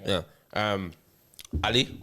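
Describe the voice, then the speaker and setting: A man's voice: lowish voice, slow pace, pushed and bright. A man hosting a podcast, welcoming listeners and chatting eagerly about sport. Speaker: podcast host. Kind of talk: casual chat.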